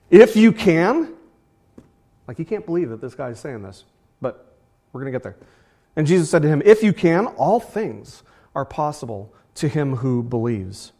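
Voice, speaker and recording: A man's voice: medium pitch, dark tone. A man preaching a sermon in a conversational way, repeating phrases and rising sharply for emphasis. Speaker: pastor.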